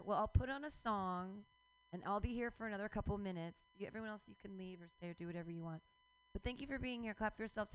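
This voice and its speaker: A woman's voice: medium pitch, poor audio. A woman in her forties hosting a radio show, ranting casually with swearing and frequent laughs. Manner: animated, swearing, laughs often.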